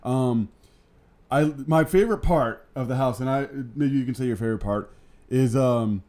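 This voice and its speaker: A man's voice: medium pitch, normal speed, darkish tone. A man co-hosting a casual review chat, enthusiastic but full of ums and restarts. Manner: enthusiastic, hesitant with many ums. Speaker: co-host, scare actor.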